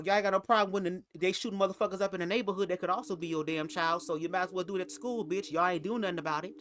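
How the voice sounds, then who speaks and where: Barely pausing, this young vlogger rushes through his own story in a somewhat bright voice. The telling is casual and sassy, laced with swearing and punched up by large pitch swings.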